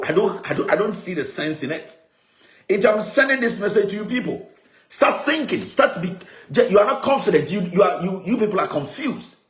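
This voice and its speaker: A Ghanaian-accented man rants with emphatic, combative force, hammering the same points again and again. His voice sits a touch high for a man. The sound bounces around a roomy, echoey space. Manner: mixes in Akan phrases. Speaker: media CEO and commentator. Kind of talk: political monologue.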